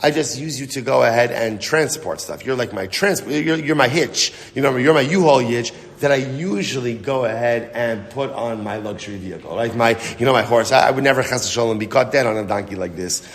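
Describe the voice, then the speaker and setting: A man's voice: mid-range voice, brisk, few pauses, long reverb tail, lightly acted. A man voicing a boastful sorcerer who brushes things off and makes excuses. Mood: evasive. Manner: evasive, bragging, brushing off.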